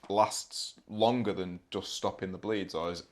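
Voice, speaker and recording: A man hosting a podcast, relaxed and jokey, asking questions and backing up his guest. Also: low-pitched, a little slow. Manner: relaxed, jokey, frequent backchannel. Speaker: podcast host. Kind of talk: casual interview.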